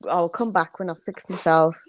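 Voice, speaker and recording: A woman's voice: on the low side, fairly even intonation, normal speed, no room sound. A woman co-hosting a livestream, talking candidly and rambling in casual chat. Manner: candid, rambling, laughs often. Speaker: livestream co-host.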